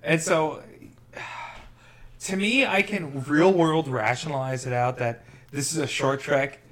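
A man's voice: a little high, fairly even intonation, slow pace, a bit bright. A man co-hosting a podcast in casual chat, rambling and restarting his sentences, with wry asides. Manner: rambling, self-interrupting, wry. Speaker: podcast co-host.

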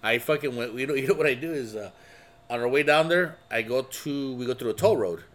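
A man's voice: mid-range voice, brisk. A man in casual chat who swears a lot and acts out quotes while telling stories. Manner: swears a lot, animated storyteller acting out quotes.

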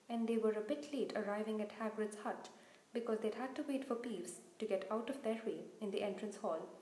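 A woman reading a children's novel aloud in an expressive storytelling manner, in a roomy-sounding recording. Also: medium pitch. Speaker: reader. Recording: roomy echo.

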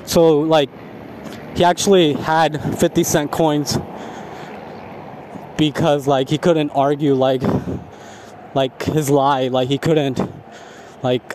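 A man's voice: on the high side, background noise. Fired-up man ranting with swearing. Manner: heavy profanity, animated ranting with laughs. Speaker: vlogger. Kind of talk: casual ranting storytime.

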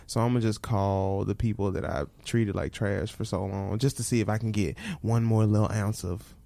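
A man's voice: lowish voice, steady tone, normal speed, vocal fry, dark tone, no room sound. A man hosting a podcast, talking bluntly and frankly in casual slang. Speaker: podcast host.

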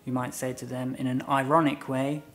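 A man's voice: mid-range voice, little pitch movement, brisk, soft background music. A man teaching English in a casual lesson, explaining phrases through playful example scenes. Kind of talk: casual bilingual lesson chat.

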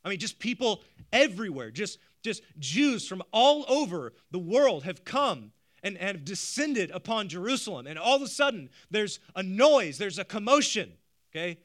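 A male pastor preaching a sermon, animated, with rhetorical questions and frequent stammered restarts. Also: high voice, normal speed.

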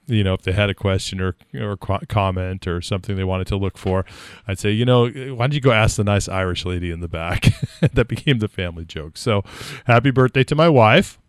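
A man's voice: lowish voice, smooth, no echo, clean studio sound. A man hosting a community radio show, talking casually and rambling with many fillers and restarts.

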